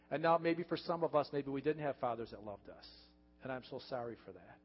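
A pastor preaching a heartfelt sermon, earnest and repetitive, building to emphatic points. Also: male voice, mid-range voice, lively intonation, fairly quick, breathy edge. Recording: dull reverberant church recording.

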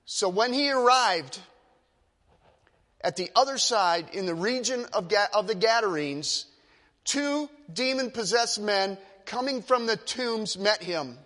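A male pastor preaches with emphatic, dramatic storytelling, building to forceful peaks. His voice sits high and bright, and a long hall reverb trails behind every phrase. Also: lively intonation, unhurried. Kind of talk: sermon.

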